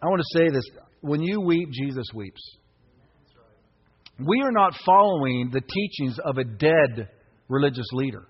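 Husky-voiced man preaching with fervor. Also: medium pitch, expressive, unhurried. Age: around 50. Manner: impassioned preaching, bursts of shouting. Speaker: pastor. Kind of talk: sermon. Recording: echoey hall, dull lo-fi sound.

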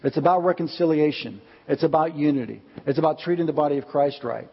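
A pastor gives an earnest sermon in a husky, slightly high voice, stretching out his words when he makes a point. The sound is muffled and lo-fi, with a long reverb tail from a large church hall. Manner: earnest, slows down to stress key points. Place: church sanctuary.

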